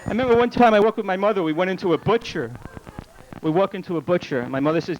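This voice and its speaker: A man doing a stand-up comedy set on a club stage, firing off rapid one-liners with deadpan punchlines, recorded live on a noisy old camcorder tape. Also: high-pitched.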